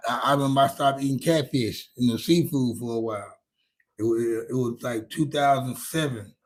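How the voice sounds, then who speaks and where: Husky-voiced Louisiana man chatting loosely. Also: mid-range voice. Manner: laid-back, rambling, profane, many restarts. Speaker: livestream host answering chat. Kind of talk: casual chat.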